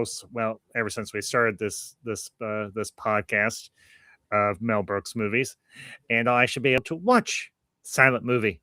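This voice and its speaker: A male podcast host talks in a bright, sharp and smooth voice, recorded dry and close. He chats casually and rambles, often restarting and repeating his phrases. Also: mid-range voice, no echo. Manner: friendly sign-off, thanking viewers.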